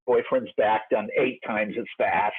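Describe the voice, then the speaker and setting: A man's voice: fairly low pitch, fairly even intonation, a little slow, slightly rough. A man in his sixties with a Boston accent, a musician guest telling rambling stories with lots of restarts and asides in a casual interview. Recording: muffled phone-like band.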